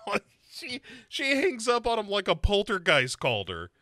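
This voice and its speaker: Lively, bright-voiced male podcast co-host. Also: sits high, moderate pace, no echo. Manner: jokey, acts out characters in silly voices. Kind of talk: casual comedic recap chat.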